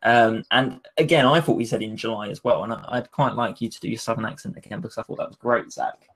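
A man's voice: mid-range voice, fast. Man hosting a podcast chat. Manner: conversational interviewer, poses questions, hesitant with ums. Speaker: podcast host. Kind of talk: casual podcast discussion.

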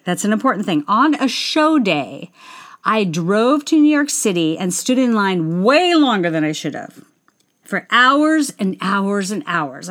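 A woman's voice: medium pitch, fairly bright tone. Chatty woman telling a personal story. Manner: chatty, self-interrupting, acts out the people she quotes. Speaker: stage performer telling a story.

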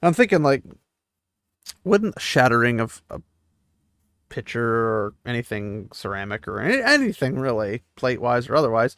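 A man's voice: medium pitch, big pitch swings, normal speed, a bit bright, clear, resonant tone, no room sound, studio quality. A man giving a casual recap of a fantasy novel, chatty and digressive, breaking off into asides and questions. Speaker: book discussion host.

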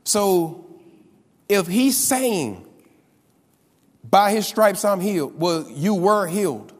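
A man's voice: high-pitched, sing-song, slow pace. A man preaching a sermon, emphatic, repeating key lines for effect. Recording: long reverb of a large hall.

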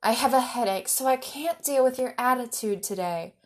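A woman's voice: fairly high pitch, normal speed, natural voice. A woman voicing a snappish, irritable middle-aged aunt who speaks curtly. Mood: irritated. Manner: snapping, curt.

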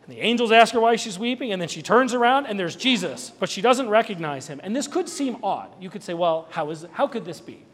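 High-voiced man preaching in a reverberant hall. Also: quick pace, few pauses. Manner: conversational, animated preaching with asides and jokes. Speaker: pastor. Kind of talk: Easter sermon.

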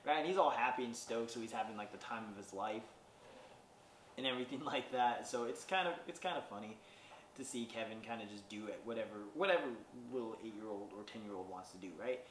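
A man's voice: lowish voice, lively intonation, fast talker, a bit bright. A man casually recapping a movie on his podcast, rambling with lots of fillers and wry asides. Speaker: podcast host reviewing a movie. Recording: roomy sound, distant from mic, faint background noise.

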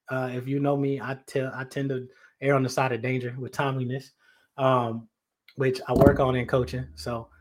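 A man from North Carolina, a podcast host telling a story in a loose, slangy way with many asides to his listeners, out on location. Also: medium pitch. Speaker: podcast host and life coach. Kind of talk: casual storytelling. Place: out on location in his childhood neighborhood.

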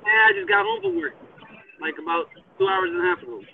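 A man in casual chat, excitable and cursing freely. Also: extremely high pitch, quick pace, vocal fry. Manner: excitable, cursing, laughing often. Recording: tinny phone line, distant from the mic, faint hiss.

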